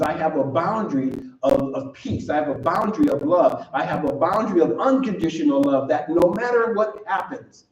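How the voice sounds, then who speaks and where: A man's voice: fairly high pitch, a little mellow. A man preaching a sermon to his congregation, earnest, repeating phrases for emphasis and laughing easily. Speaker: minister. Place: church sanctuary. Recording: roomy, distant, slightly dull recording.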